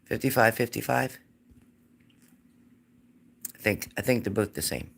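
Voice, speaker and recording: A woman's voice: extremely low pitch, unhurried, creaky. Chatty woman greeting live viewers. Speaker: psychic reader hosting a live stream. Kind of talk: casual live-stream chat.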